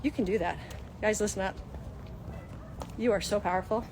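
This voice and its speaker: A woman's voice: mid-range voice, normal speed, background noise. A woman in her fifties hosting a live-streamed motivational talk, coaching viewers directly in an earnest way. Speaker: host.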